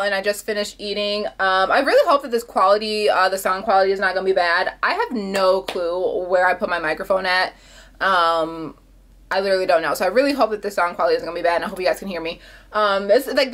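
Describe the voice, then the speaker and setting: A young woman talking straight to her camera in a loose, chatty way. Her voice sits a little high and leaps up even higher whenever something excites or annoys her. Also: a little hiss or hum. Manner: chatty and animated, swoops up high on exclamations. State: out of breath. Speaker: vlogger. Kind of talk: casual vlog chat.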